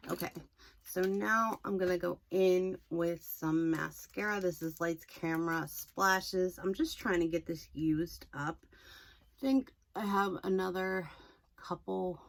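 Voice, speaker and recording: A young woman chatting through a makeup tutorial, rambling and self-deprecating, a little hoarse. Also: fairly low pitch. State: slightly hoarse, losing her voice. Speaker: makeup vlogger.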